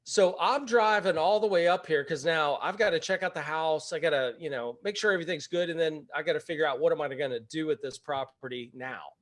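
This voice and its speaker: Animated, higher-voiced man telling a story. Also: brisk, few pauses. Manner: animated, laughs while telling. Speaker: real estate investor and webinar host. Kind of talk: casual storytelling.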